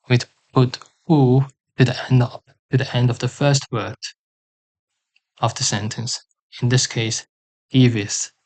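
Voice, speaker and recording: A man teaching a language lesson, sounding out example words slowly and carefully, with pauses and fillers. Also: mid-range voice.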